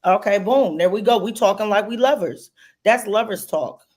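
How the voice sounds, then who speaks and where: A woman speaks in casual podcast chat, blunt and loose with her swearing. Her voice sits at a middle pitch. She builds her points into stories. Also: moderate pace, a little mellow. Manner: blunt, profane storytelling.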